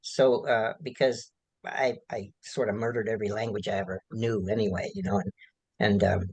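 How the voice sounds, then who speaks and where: A man, an author being interviewed, answering in a halting, rambling way with many restarts and fillers. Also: fairly low pitch, fairly even intonation, darkish tone, husky, poor audio. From United States.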